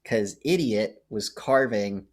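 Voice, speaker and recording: Low-voiced man recapping a movie. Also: slow. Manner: animated storytelling, acts out quotes. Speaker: podcast co-host. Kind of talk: casual movie recap chat.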